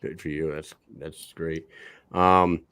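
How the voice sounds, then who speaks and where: A man's voice: rumbling low, flat delivery, slow, a bit bright, clean tone, dry recording. A man co-hosting a podcast in a casual, rambling, jokey way, often filling his talk with "like". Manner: rambling, lots of "like" fillers, jokey. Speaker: podcast co-host.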